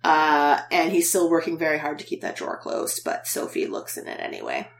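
A woman's voice: low-pitched, wildly swooping pitch, a little fast, gravelly. A woman podcast host casually recapping a TV episode, chatty and laughing often.

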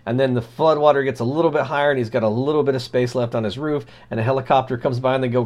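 A man co-hosting a casual podcast chat, telling stories with animated, sardonic and irreverent energy. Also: mid-range voice, racing, few pauses, dull audio. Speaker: podcast co-host.

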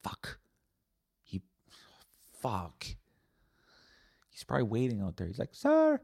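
A man's voice: on the low side, slow, vocal fry, darkish tone, husky, no echo, clean studio sound. A man hosting a solo podcast, talking in a rambling, blunt, profane way. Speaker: podcast host. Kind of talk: casual solo podcast monologue.

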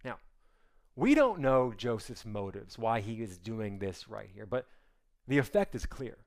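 A pastor telling a scripture story to his congregation in an animated, conversational way and acting out the characters' lines. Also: on the low side. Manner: acts out the characters' lines in quick voices; animated and conversational, with many asides.

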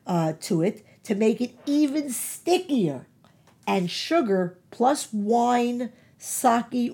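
A woman's voice: lowish voice, dark tone, husky. A woman giving informal nutrition advice, emphatic, repeating key words and using many fillers. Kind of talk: informal health talk.

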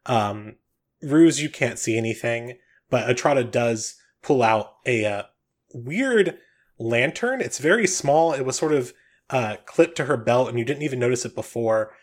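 A man narrating a tabletop game as game master, relaxed and loose. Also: medium pitch, measured pace. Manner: relaxed, with frequent "um"s.

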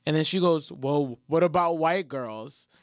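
A man's voice: on the high side, measured pace, no echo, clean studio sound. A young man from New telling a profane story in casual talk, acting out every quote. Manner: animated, profane, acts out quotes.

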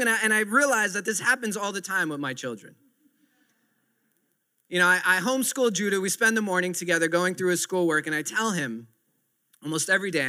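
High, bright-voiced preacher man. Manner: earnest, repetitive emphasis. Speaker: pastor. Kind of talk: sermon.

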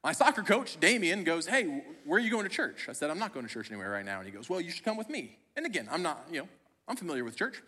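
A man's voice: a little high, sing-song, fast talker, pushed and bright, slightly rough. A young man, a pastor, telling a personal story in a sermon with a conversational, self-deprecating humor. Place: church auditorium. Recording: long hall reverb.

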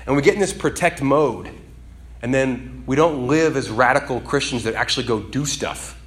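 A man delivering a sermon, talking to the congregation like a friend. His pitch sits at an everyday middle, and he builds from quiet asides to fervent, emphatic climaxes. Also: moderate pace. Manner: conversational, dynamic, rising to emphatic high peaks. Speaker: preacher.

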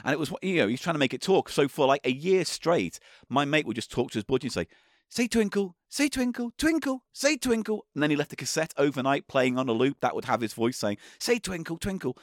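A man's voice: mid-range voice, fast talker, hardly any pauses, no echo, studio quality. A man co-hosting a podcast, chatting casually and telling a story with frequent laughs. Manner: animated storytelling, laughs often. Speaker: podcast co-host. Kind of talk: casual chat.

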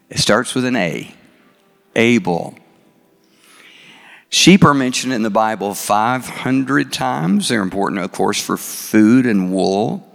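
A man preaching a sermon, asking his congregation questions and reciting scripture slowly. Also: fairly low pitch, vocal fry. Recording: long hall reverb.

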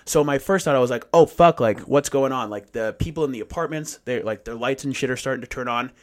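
Talking fast in a medium-pitched voice, a man casually tells a long story in conversation, swearing freely and animatedly acting out what people said.

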